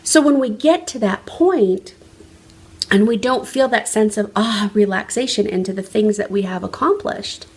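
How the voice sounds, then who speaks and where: A woman's voice: mid-range voice, moderate pace, darkish tone, slightly rough. A woman life coach giving an earnest, emphatic motivational talk on a phone livestream, often restarting her sentences. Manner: earnest, emphatic, frequent restarts, varying pace.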